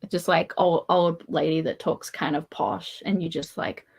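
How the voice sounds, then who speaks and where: A woman's voice: on the low side, fairly even intonation, measured pace, creaky, darkish tone, breathy edge. A woman chatting casually, telling stories and laughing often. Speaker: podcast host. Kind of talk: casual chat.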